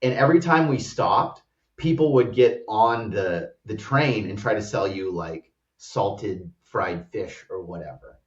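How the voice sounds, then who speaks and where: A man's voice: on the low side, expressive, unhurried. An American man who co-founded a startup, telling a travel story as a guest in a loose, rambling way full of "like" fillers. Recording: roomy, distant, dull-sounding audio.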